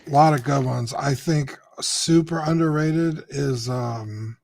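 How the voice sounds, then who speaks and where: A man's voice: medium pitch, slow pace, vocal fry, darkish tone, dry recording. A man speaking as a guest in a casual podcast chat, hesitant and searching for words.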